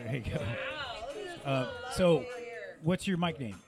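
Man, podcast host, playful and crude, slightly high voice, busy crowd behind. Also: animated, takes it slowly. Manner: playful, crude, laughs often. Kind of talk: casual podcast banter. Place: outdoors by a fire with people around.

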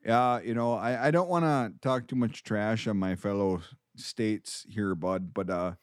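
A man's voice: lowish voice, a little slow, smooth, dry recording, clean studio sound, voice pushed down, lightly acted. A man putting on a folksy, polite Minnesotan man with a Minnesotan accent, who keeps calling people bud.

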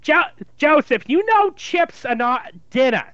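A man voicing an older nagging mother in a put-on New York Jewish accent, high and whiny. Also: animated, measured pace, fairly bright tone, dry recording. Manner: high shrill whiny scolding. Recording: dull dry lo-fi sound.

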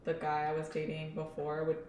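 A woman's voice: low voice, completely flat delivery, darkish tone, far from the mic. Chatty young woman in an echoey room. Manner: chatty, joking, quick to laugh along. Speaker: podcast co-host. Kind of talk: casual chat. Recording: roomy echo, faint noise.

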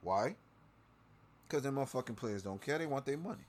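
Animated and fairly quick, a man rants angrily about politics on the show he hosts. His podcast monologue is packed with swearing and repeated lines, lurching from quiet muttering to loud outbursts.

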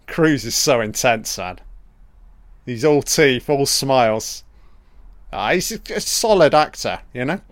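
A man's voice: medium pitch, lively intonation, measured pace, no echo. A man giving a casual, profane audio commentary over a film, joking and talking back at the characters.

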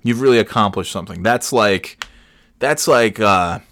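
Here the solo comedy podcast host, a man in his forties, speaks at normal speed in a lowish voice with a fairly bright tone. He rambles off on tangents, swears and starts sentences over, all in a dry, studio-quality recording.

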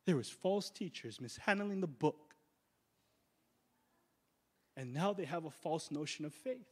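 A man's voice: on the high side, animated, a little mellow, slightly rough. Male pastor, conversational sermon, drags out key words for punch. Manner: conversational preaching, slows down for emphasis.

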